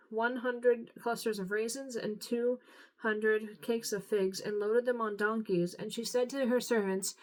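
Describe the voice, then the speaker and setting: A tired woman reading scripture aloud, unhurried, now and then stumbling and apologizing. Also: on the high side, rough recording. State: tired, yawning. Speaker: Bible reader.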